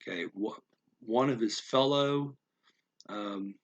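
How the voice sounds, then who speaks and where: Guy explaining vocab, thinks out loud, says words over slowly, lots of ums. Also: medium pitch, dull audio. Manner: slow, halting, thinks aloud with many fillers and restarts; repeats words slowly to practice pronunciation. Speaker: language learner explaining vocabulary. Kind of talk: unscripted spoken lesson.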